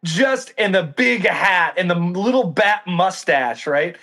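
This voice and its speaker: A man co-hosting a casual book discussion speaks thoughtfully, hunting for the right word and often checking in with "right?". His voice sits high and is animated, with a slow pace and a sharp tone.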